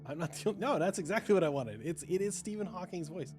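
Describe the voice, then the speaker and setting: A man's voice: high-pitched, animated, quick pace. A man hosting as dungeon master, chatting casually and loosely on a call during a break, with frequent restarts and laughs. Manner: rambling, many restarts, laughs often. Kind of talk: casual chat during a livestreamed game break. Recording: background music under the voice.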